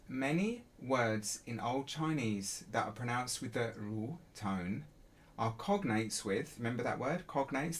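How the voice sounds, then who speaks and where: A man who works as a translator, explaining a topic in a casual teaching style and sounding words out as examples. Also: medium pitch. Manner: casual, relaxed explaining with spoken pronunciation demos. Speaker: Chinese to English translator, educational presenter. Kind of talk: explanatory lesson talk.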